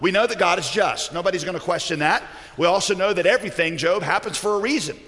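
A man's voice: high-pitched, fast talker, fairly bright tone, in a large hall. A man voicing Job's know-it-all friends, pressing their case insistently. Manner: insistent, explaining. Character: Job's smug adult male friends lecturing him.

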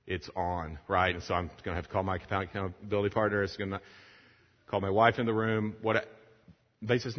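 A man preaching a sermon to fellow preachers, retelling a film scene with lively acted-out dialogue before closing in prayer. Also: deep voice, quick pace. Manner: animated storytelling, acting out the dialogue. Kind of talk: sermon to pastors. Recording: lo-fi sound in a long-echo hall.

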